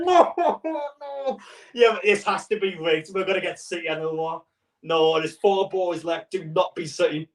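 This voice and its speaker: Exasperated football fan, off-mic. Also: male voice, on the high side, animated, normal speed, distant mic. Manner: exasperated, swearing, rambling with stutters and laughs. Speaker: football fan streamer reacting to a cup draw. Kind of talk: live reaction commentary.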